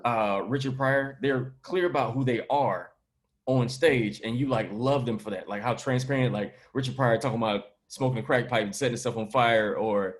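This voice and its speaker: A man's voice: mid-range voice, normal speed. A man who is a comedian and podcast host, making his point in casual conversation with emphatic, slangy delivery.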